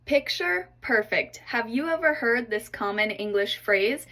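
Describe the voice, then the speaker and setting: Southern US woman teacher, bright crisp tone, slightly high, explains words clearly. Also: expressive, measured pace, few pauses, soft background music. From Texas. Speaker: English teacher. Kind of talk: short English-tip reels.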